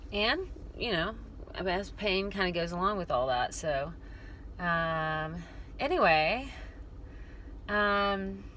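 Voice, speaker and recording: A woman chatting slowly to her viewers in a casual vlog. Her voice is bright and clear, and she rambles in a heartfelt, affectionate way, pausing often and filling gaps with "um" and "you know.". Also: medium pitch, slight background noise. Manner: rambling, heartfelt, with frequent pauses and fillers. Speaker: dystonia awareness vlogger. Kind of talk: casual personal vlog talk. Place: car.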